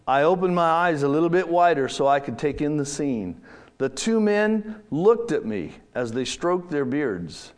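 A man telling a first-person story in a church setting, reading slowly and dramatically with drawn-out pauses. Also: a little high, expressive.

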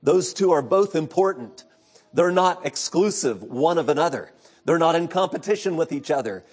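A middle-aged male pastor preaching an earnest sermon, moving between loud emphatic passages and hushed, low storytelling. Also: expressive, moderate pace. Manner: earnest, preacherly retelling of scripture.

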